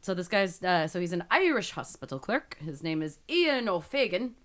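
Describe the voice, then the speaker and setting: A woman's voice: on the low side, sing-song, moderate pace, a bit bright. A woman co-hosting a casual talk show from a spare bedroom at home, reading odd news stories aloud with playful emphasis. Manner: teasing, reads headlines with playful emphasis. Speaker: radio show co-host. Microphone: home livestream setup.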